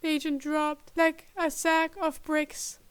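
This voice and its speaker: A woman reading a fan-written story aloud in a measured, even way. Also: high voice, no echo. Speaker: podfic reader.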